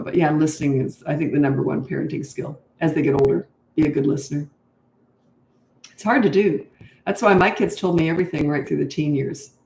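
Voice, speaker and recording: Older female parenting coach, chatty and blunt, mid-pitched, recorded in a roomy space. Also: creaky, a little mellow. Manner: chatty, frank and laughing easily. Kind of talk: answering interview questions. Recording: roomy echo.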